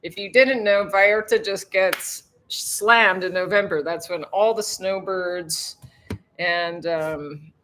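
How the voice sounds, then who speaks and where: A woman's voice: fairly low pitch, fairly even intonation, takes it slowly, a bit bright, slight background noise. A woman hosting a casual livestream from home, rambling and chatty, laughing often as she greets viewers. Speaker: livestream host, tour guide. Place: home in a tropical town.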